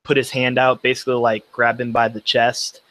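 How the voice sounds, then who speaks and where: A man's voice: mid-range voice, completely flat delivery, moderate pace, a bit bright, dry recording. Guy playing a tabletop game, average voice, lots of basically. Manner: rambling, hedging. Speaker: player. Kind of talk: casual tabletop game play.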